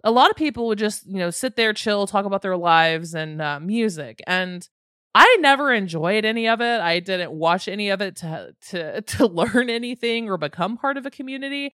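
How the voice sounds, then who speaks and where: A woman's voice: medium pitch, animated, moderate pace, a bit bright, no room sound, studio quality. A woman hosting a podcast, telling a long story in a candid, wry, conversational way with frequent asides. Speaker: podcast host. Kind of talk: casual storytelling narration.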